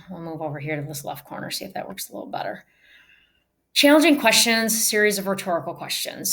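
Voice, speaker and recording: In a lowish, slightly bright voice, a female speech teacher gives a recorded online lecture on public speaking. She speaks with emphasis and varies her delivery to show how things ought to be said.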